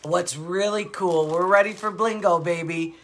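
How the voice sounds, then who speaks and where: A woman's voice: fairly low pitch, unhurried, a little hiss or hum. An older woman hosting a live jewelry sale show, chatting casually and rambling through stories with frequent laughs. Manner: animated, with many fillers. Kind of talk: casual chat.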